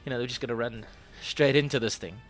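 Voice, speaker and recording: A man's voice: mid-range voice, fast, faint music behind. A man co-hosting a casual radio chat show, jokey and laughing often. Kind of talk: casual banter.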